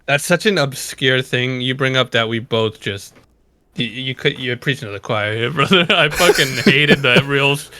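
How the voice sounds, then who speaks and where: Man, podcast guest, bright sharp tone, dry close sound, laughs and swears. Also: mid-range voice, normal speed, no room sound. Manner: laughing, profane banter. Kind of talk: casual chat.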